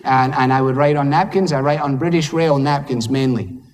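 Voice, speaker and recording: A man's voice: mid-range voice, moderate pace, big-room sound. A man with a Scottish accent preaching a sermon in a conversational, humorous way, acting out little dialogues. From Scotland.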